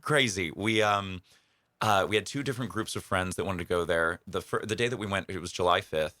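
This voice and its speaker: A man's voice: sits low, fairly quick, bright, forceful tone, dry recording, clean studio sound. A young adult man, a comedian, telling stories as a guest in a radio interview, chatty and self-deprecating, rambling with fillers and laughs. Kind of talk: casual interview storytelling. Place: radio studio.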